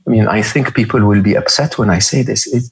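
A man's voice: fairly low pitch, brisk. A middle-aged man as a podcast guest, speaking reflectively, often repeating words and checking in with "right?". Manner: thoughtful, repeats words, frequent "right?" and "hmm?". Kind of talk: reflective interview talk.

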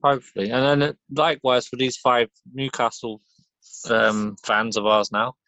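A man co-hosting a podcast in casual chat, with a dry, deadpan manner. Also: mid-range voice, normal speed, dry recording. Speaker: podcast co-host.

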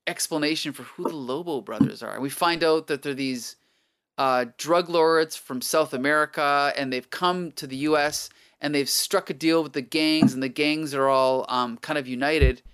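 A man's voice: fairly high pitch, normal speed, fairly bright tone, smooth. A man hosting a casual chat recapping a comic book, rambling with many fillers and chuckles. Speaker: podcast host.

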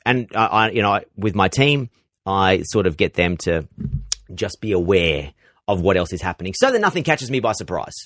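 A man's voice: fairly low pitch, dry recording, studio quality. An Australian man, a radio presenter, answering interview questions with lots of energy, repeating words and restarting sentences. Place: radio station office.

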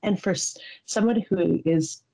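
A woman in her thirties hosting a podcast, chatting in a rambling, giggly, halting way. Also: lowish voice, vocal fry, warm tone, low-quality recording. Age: 30s. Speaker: podcast host. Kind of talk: casual chat.

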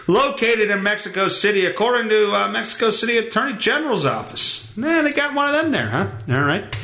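A man's voice: high-pitched, bright, forceful tone. A man hosting a solo podcast, reading news stories aloud in a profane, sarcastic, rambling comedic rant. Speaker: podcast host.

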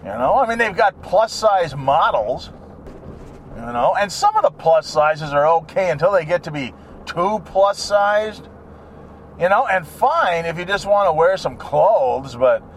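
A man's voice: high voice, very animated, unhurried, slight background noise. A man delivering a rambling, crude, joking monologue with frequent chuckles and wandering asides.

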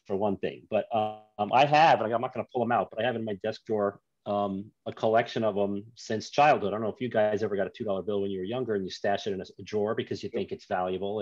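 A guest author and documentary maker tells rambling stories in an easy, self-mocking way during a casual interview chat. His fairly low voice is a little mellow with no echo, though the lo-fi recording sounds dull.

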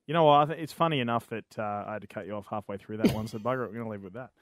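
A man's voice: fairly low pitch, very fast. A man with an Australian accent hosting a casual gaming podcast in a studio, laid-back and jokey. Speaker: podcast host.

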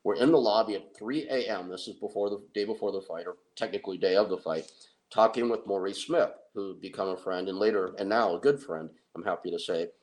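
A middle-aged man telling an anecdote in a casual, excitable way, with restarts. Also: lowish voice, brisk, poor audio. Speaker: guest storyteller. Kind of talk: casual anecdote on a talk show.

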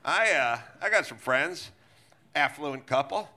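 A man's voice: a little high, lively intonation, measured pace, pushed and bright, pitched below the performer's own voice, full character voice. A man impersonating a glib, evasive middle-aged male politician who rambles and dodges questions. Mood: rambling. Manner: rambling, dodging.

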